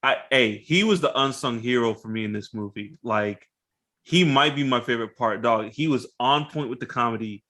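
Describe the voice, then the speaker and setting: A man's voice: medium pitch, normal speed, pushed and bright. A man co-hosting a podcast, talking in a loose, laid-back way. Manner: laid-back, loose, says bruh and dog. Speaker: podcast co-host. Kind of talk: casual reaction chat.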